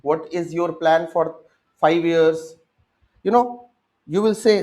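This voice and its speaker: High-voiced Indian man lecturing students. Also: slow, darkish tone. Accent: Indian English. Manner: addresses students directly, acts out their answers. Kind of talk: exam-prep lecture.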